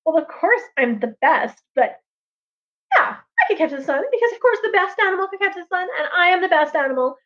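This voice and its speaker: A vain, self-admiring male raven from a spoken folk tale, drawling on about how gorgeous he is, as a woman storyteller puts him on. The high voice comes through dull, lo-fi livestream audio. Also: lively intonation, a little fast, a bit bright. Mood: boastful. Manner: showy, drawling self-praise.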